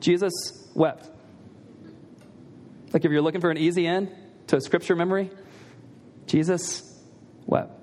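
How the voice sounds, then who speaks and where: A man's voice: a little high, fairly even intonation, normal speed, long pauses, a little mellow, slight background noise. A man preaching a sermon in a conversational way, asking the listeners rhetorical questions and repeating key lines for emphasis. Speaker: pastor.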